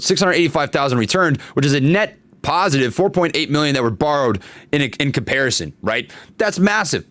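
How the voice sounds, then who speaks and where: A man hosting a casual stock market livestream, chatting with viewers and reading their comments, animated, with plenty of fillers and repeats. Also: on the high side, no echo. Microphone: desktop studio microphone.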